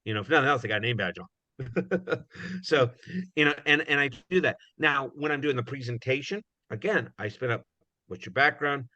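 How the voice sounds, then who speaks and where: Muffled, dull audio captures a male guest speaker on recruiting delivering a loose, conversational talk. He leans on "you know" fillers and plays out small dialogues, his mid-range voice animated, pushed and bright at a fairly quick clip.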